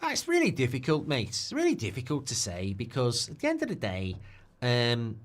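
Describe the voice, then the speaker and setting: A man's voice: medium pitch, wildly swooping pitch, moderate pace. A man hosting a live football watchalong stream, chatting casually and reacting to viewer messages. He is opinionated and keeps tacking on tag questions, and he gets heated and ranty when he makes a point.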